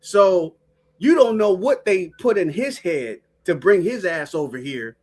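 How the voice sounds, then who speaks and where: A woman co-hosting a podcast in casual chat, profane, blunt and animated. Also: on the low side, a little slow. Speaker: podcast co-host.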